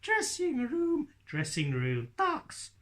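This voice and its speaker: Man doing a girl puppet, very high, slow, sing-song, bright tone, prim. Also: wildly swooping pitch, full character voice.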